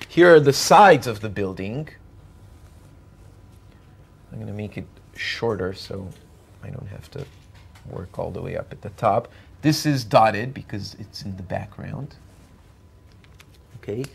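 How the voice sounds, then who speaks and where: Slow, lively-pitched male math lecturer. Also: vocal fry, slightly rough. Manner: checks in with students often; explains step by step while drawing. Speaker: university lecturer.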